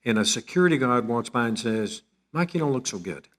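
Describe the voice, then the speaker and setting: A man's voice: mid-range voice, animated, a little fast, a bit bright. Man asking brief interview questions. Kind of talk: interview prompts.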